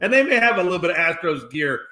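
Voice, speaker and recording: A man's voice: on the high side, very animated, fast, pushed and bright. A man chatting casually on a sports talk show, joking and laughing often.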